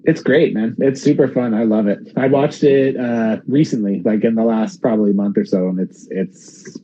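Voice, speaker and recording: A man with a very dark, husky voice hosting a relaxed podcast chat. He rambles through his thoughts with plenty of fillers and the occasional swear. His recording sounds dull and lo-fi. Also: lowish voice, moderate pace. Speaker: podcast host. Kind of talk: casual chat.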